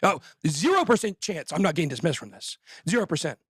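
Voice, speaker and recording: A man hosting a show, shouting angry, fired-up insults in a breathless rant. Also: a little high, sing-song, fast, breathy edge, dry recording. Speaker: host. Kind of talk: ranting livestream talk.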